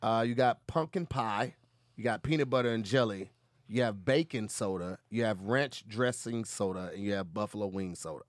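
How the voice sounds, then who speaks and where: A man's voice: on the low side, moderate pace, dry recording, clean studio sound. A man co-hosting a casual chat, loose and joking, often trailing off and restarting mid-sentence.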